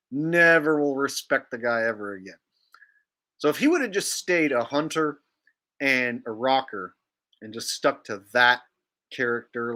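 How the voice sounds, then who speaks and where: A man's voice: mid-range voice, a bit bright. A young man hosting a casual commentary vlog, talking sarcastically and rambling, filling his sentences with "like". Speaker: vlogger and channel host.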